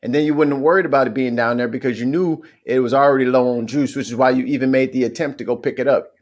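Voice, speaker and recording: A man's voice: mid-range voice, steady tone, fast. A man co-hosting a podcast, talking casually with joking profanity and then walking his friends through a piece of history in a loose, storytelling way. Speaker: podcast co-host. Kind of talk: casual chat and informal history telling.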